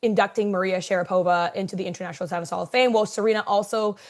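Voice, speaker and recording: A woman's voice: mid-range voice, fairly even intonation, very fast. A woman co-hosting a sports podcast, talking conversationally with fillers and building to emphatic points. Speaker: podcast co-host. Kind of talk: casual chat.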